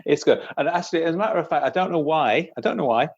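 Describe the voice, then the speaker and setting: A man's voice: fairly high pitch, lively intonation, fast talker, slightly rough, no echo. Chatty British man on a dull line. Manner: rambling, self-deprecating, laughs often. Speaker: guest author. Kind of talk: casual podcast chat. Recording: slightly dull, lo-fi sound.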